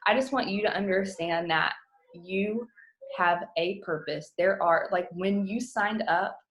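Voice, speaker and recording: A woman in her thirties gives a heartfelt pep talk to her team over a video call from home. Her voice sits at an ordinary middle pitch, and she sounds earnest and close to tears at times, talking casually with fillers. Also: unhurried, fairly bright tone. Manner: earnest, emotional, choking up at times. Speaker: team coach.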